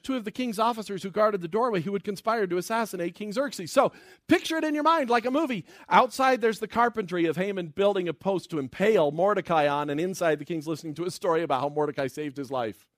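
A man giving a sermon, retelling a Bible story with playful asides and quick impressions of the characters. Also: high-pitched, no echo, clean studio sound. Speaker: preacher.

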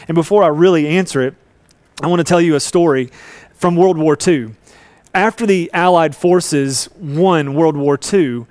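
A man's voice: on the high side, a little mellow, dry recording. A man preaching a sermon, earnest and storytelling, acting out voices in a Bible story. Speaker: pastor.

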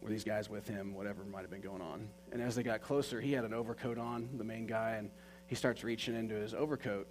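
A man's voice: on the low side, steady tone, quick pace, low-quality recording. A man telling a personal story in an earnest, conversational way, with many fillers. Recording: faint mains hum.

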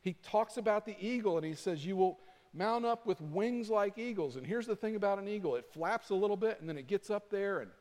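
A man preaching a sermon as pastor, animated and acting out his points with rising intensity. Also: high-pitched, a little fast. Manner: animated, acts out flapping with rising volume. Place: church sanctuary. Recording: long reverb of a church hall.

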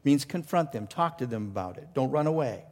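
A man's voice: mid-range voice, expressive, fairly quick, darkish tone. A male pastor preaching a passionate sermon, asking rhetorical questions and often restarting his sentences. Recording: long reverb of a large hall.

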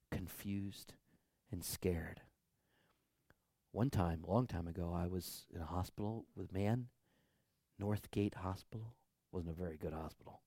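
A man, a pastor, preaching a sermon and telling a story, dropping to a hush and then rising loud and high. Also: dry recording, studio quality. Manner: storytelling with big swings from hushed to loud.

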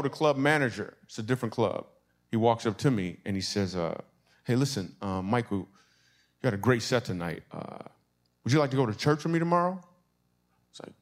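A grown man from Michigan, a stand-up comedian telling a long story to a laughing crowd, acting out voices with quick, animated asides. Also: mid-range voice. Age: adult.

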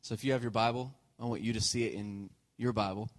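A man's voice: lowish voice, steady tone, fast talker. A male pastor preaching a conversational sermon, joking and checking in with the congregation.

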